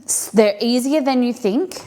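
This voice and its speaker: A woman's voice: a little high, measured pace, mellow, slight background noise. A woman hosting a live cooking stream, chatting casually and thinking aloud as she works in a home kitchen.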